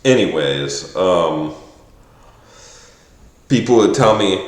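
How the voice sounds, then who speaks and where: A male vlogger with a lowish voice rambles at a measured pace through a profane, exasperated rant to the camera. He often quotes other people in mocking voices, and the room he's in is echoey.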